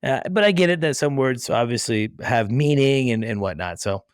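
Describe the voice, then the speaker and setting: In clean studio sound without room noise, this podcast host speaks at normal speed with a medium pitch, lively intonation, and a clear, resonant tone. He keeps the casual interview chat rambling and pokes fun at himself.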